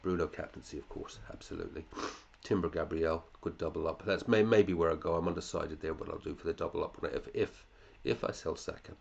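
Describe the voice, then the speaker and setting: Male podcast host, deep and gravelly, chatty with muttered asides. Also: fairly even intonation, fairly quick, a little mellow, lo-fi sound. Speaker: fantasy football podcast host. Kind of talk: casual chat reviewing listeners' teams.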